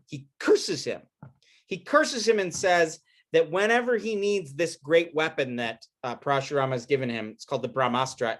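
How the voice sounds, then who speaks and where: Lively, animated male lecturer. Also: a little high. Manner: animated, informal storytelling with slang. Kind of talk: casual recorded lecture.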